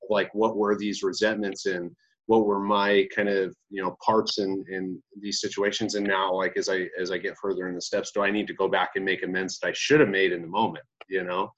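Casting: male podcast host, lowish voice, loose rambling chat, slightly muffled sound. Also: flat delivery, fairly quick, fairly bright tone. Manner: rambling, lots of fillers like "you know" and "like".

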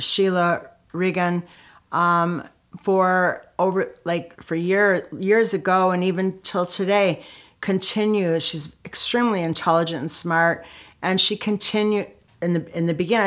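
A woman's voice: fairly low pitch, fairly bright tone. A middle-aged woman, a guest on an interview show, telling her story in an emotional, candid way with many fillers and restarts. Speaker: guest, author and anti-violence activist. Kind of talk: conversational storytelling.

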